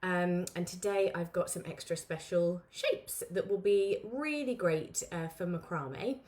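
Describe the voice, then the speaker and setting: A woman's voice: fairly low pitch, measured pace, a little mellow. Woman hosting a live beading tutorial, chatty and informal. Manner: chatty, greets viewers by name, many fillers. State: out of breath. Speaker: craft tutorial host. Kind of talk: live-streamed craft lesson, chatty.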